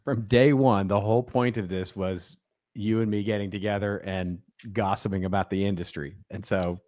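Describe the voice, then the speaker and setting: A man's voice: on the low side, steady tone, normal speed, darkish tone, no echo, clean studio sound. A middle-aged man co-hosting a podcast in casual banter, telling stories in a chatty, wry way and often restarting his sentences. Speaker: podcast co-host.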